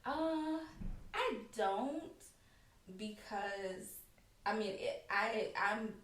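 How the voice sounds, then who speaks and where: A woman's voice: medium pitch, lively intonation, extremely slow, fairly bright tone. A woman speaking as a podcast guest, candidly telling her own personal story in a casual way. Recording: echoey room, far from the mic, faint background noise.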